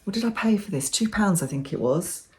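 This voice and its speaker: Talking fairly quickly with an expressive, mid-range voice, a middle-aged woman vlogs about her bargain finds. The chat is casual and full of enthusiasm.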